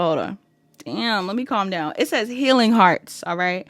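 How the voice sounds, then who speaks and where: A chatty woman tarot reader speaking in a middle-pitched voice and addressing viewers directly as she reads. She often breaks off laughing at herself. The sound is dry and close, with no room echo. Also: animated, a little slow, fairly bright tone. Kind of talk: casual pick-a-card reading.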